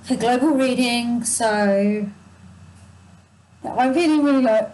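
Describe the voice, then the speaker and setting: A woman's voice: a little high, slow, a little mellow, low-quality recording. A woman giving a tarot reading to her viewers, searching for her words with many restarts and asides, her throat sore and her breath short. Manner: sighs and yawns while reading. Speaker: tarot reader. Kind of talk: spontaneous spiritual reading to viewers.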